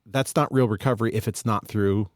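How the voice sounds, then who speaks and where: A man's voice: lowish voice, fairly even intonation, brisk, dry recording, clean studio sound. A man co-hosting a podcast about sobriety, thinking aloud in a reflective, casual way. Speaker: podcast co-host. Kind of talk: casual recovery podcast chat.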